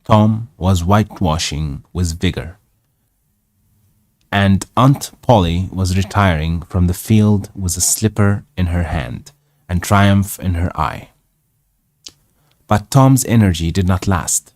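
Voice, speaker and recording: A man's voice: low-pitched, takes it slowly, darkish tone, no echo, studio quality. A man whose first language is Arabic, reading a novel aloud live for English practice, stopping to correct himself and add asides. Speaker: host.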